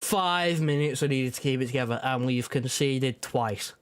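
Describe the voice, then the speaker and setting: A man's voice: medium pitch, moderate pace, clean tone. A young man co-hosting a football watch-along, grumbling in exasperation about his team's tactics and mistakes. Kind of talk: live watch-along reaction.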